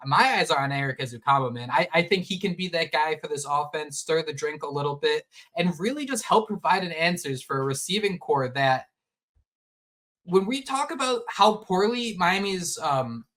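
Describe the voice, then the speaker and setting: A man co-hosting a sports podcast in casual chat, animated and rambling with frequent restarts. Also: on the high side, moderate pace. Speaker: podcast co-host.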